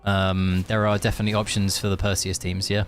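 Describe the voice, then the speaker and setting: A young man streaming a game talks casually with viewers, thinking out loud with plenty of fillers and restarts. His low voice moves briskly with little change in pitch. Faint music plays in the background.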